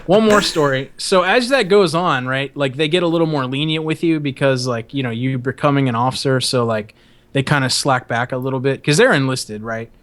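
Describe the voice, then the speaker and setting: A man's voice: medium pitch, brisk, fairly bright tone. A young man hosting a podcast, telling a long rambling story in casual talk, swearing a lot and often laughing. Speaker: podcast host.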